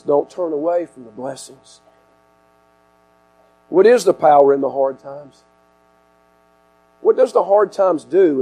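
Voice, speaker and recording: A man preaching a sermon, swinging from shouts to hushed asides. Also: a little high, poor audio. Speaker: pastor. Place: outdoor tent service. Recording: mains hum in background.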